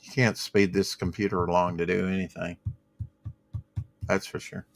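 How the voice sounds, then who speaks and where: A man's voice: low-pitched, level tone, normal speed, vocal fry, no room sound. A man hosting a casual livestream show, rambling about comics and reading viewer comments aloud from home. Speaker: podcast host.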